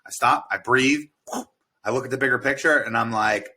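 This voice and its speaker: A man's voice: medium pitch, moderate pace. An American man, a military veteran, chatting as a podcast guest and animatedly acting out remembered conversations, with casual swearing. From United States. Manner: animated storyteller who acts out quoted dialogue and swears freely. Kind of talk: casual chat.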